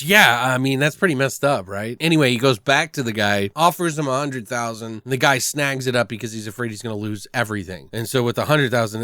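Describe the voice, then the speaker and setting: A man's voice: medium pitch, fairly bright tone, no room sound, clean studio sound. A young man hosting a podcast, casually recapping a horror episode in a loose, profane way with voiced asides. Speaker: podcast host reviewing a horror series. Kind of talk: casual spoken review.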